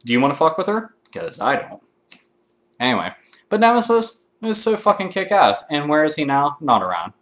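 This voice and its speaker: A man hosting his own gaming video, ranting casually to camera with constant swearing and excitable outbursts. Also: a little high, normal speed.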